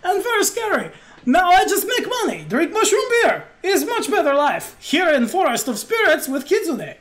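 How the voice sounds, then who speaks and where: A woman voicing a short, fat, greedy, jolly male innkeeper creature who shouts in broken English. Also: very high voice, huge pitch swings, moderate pace, voice pushed up, heavily acted.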